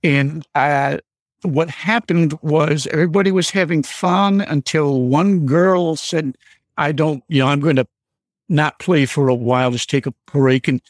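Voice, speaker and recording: A man in his seventies from Michigan, calling in and telling a personal story slowly and deliberately, with many pauses. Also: fairly high pitch, no echo. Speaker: caller telling a ghost story. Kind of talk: storytelling on a radio call.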